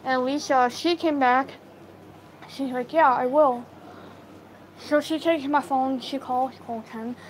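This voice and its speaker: A woman's voice: high voice, steady tone, measured pace, slight background noise, low-quality recording. A woman telling a personal story in a casual storytime, rambling and acting out what everyone said. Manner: rambling, acts out quoted dialogue; filler-heavy retelling, lots of "I'm like".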